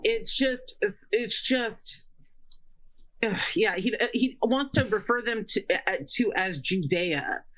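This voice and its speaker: A woman co-hosting a casual political chat show, pausing often on fillers and restarts and ranting in frustration. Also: medium pitch, fairly bright tone, low-quality recording. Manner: halting, full of fillers and restarts; exasperated ranting.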